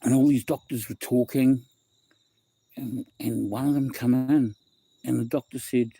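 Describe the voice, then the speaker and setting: Speaking a little slowly with no room sound, a young West Auckland man carries a New Zealand accent in a mid-range voice that is steady, warm, creaky and husky. He hosts a casual home livestream, rambling through a story and calling out viewers by name.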